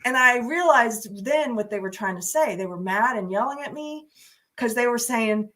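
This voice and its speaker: A woman hosts a casual livestream and tells a story with animated energy, often breaking into laughter. Her voice is bright and forceful. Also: a little high, normal speed. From United States. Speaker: host.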